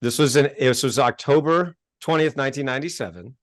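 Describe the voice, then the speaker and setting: A man from the United States, a self-help author telling his life story as an interview guest, animated and acting out conversations. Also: medium pitch, a little fast, dry recording, clean studio sound. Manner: animated, gets worked up and acts out exchanges.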